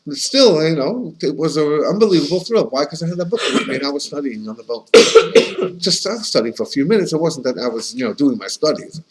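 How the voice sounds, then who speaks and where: A man's voice: on the high side, a little fast, a little hiss or hum, poor audio. A rabbi teaches his class in a loose, storytelling way, his voice sitting a bit above the usual male range. He keeps breaking off and restarting sentences and sprinkles his talk with Yiddish and Hebrew words. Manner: chatty and anecdotal, with frequent restarts; animated, with Yiddish and Hebrew terms. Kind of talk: casual conversational lesson.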